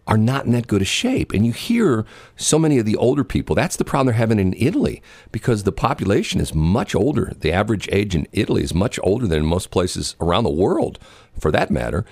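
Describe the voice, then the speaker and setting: Deep-voiced middle-aged guy hosting talk radio, rambles a lot, swings up and down, dry sound. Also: dry recording. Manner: rambling, repeats himself, joking. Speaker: radio co-host. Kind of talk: casual banter on air.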